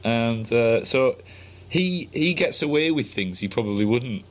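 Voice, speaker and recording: A man's voice: medium pitch, lively intonation, measured pace. A man co-hosting a casual political podcast, joking and teasing himself as he talks. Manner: jokey, self-mocking banter. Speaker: podcast co-host.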